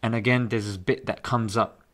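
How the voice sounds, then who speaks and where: Animated man explaining. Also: lowish voice, moderate pace. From England. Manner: animated, explanatory, rising with emphasis. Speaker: podcast guest. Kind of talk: casual podcast chat.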